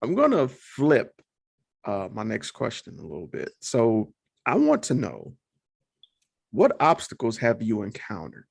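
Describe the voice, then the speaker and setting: A man's voice: medium pitch, wildly swooping pitch, unhurried, creaky, husky, dry recording, studio quality. A man hosting a casual interview, talking in a laid-back, slangy, encouraging way. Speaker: podcast host.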